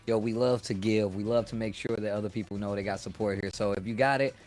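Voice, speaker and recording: A man on a fighting game stream giving excited, slangy shout-outs to donors. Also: on the low side, quick pace. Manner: hyped, casual slang, gives shout-outs. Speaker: commentator. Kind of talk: esports commentary.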